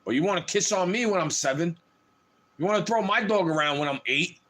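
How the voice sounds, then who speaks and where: A man with a high voice holds forth on a livestream in a heated, swearing rant. His pitch climbs and plunges widely as he talks, so the delivery sounds restless and agitated throughout. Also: expressive, a little fast, a bit bright. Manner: heated, profane, ranting.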